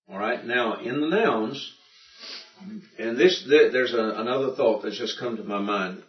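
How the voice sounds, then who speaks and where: A man teaching a Greek language class in a folksy, halting lecture style, often repeating himself. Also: mid-range voice. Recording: roomy, distant, muffled classroom recording.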